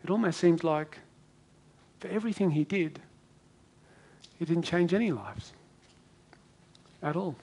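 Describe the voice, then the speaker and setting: A man preaching a sermon to a congregation, dramatic, acting out quoted voices with big swings in loudness. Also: on the high side, measured pace, long pauses, slightly rough. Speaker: pastor.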